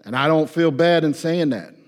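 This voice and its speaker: Man, pastor, sermon, slangy, animated, raised-voice acted prayers, lingering hall echo. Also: a little high, normal speed. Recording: long hall reverb.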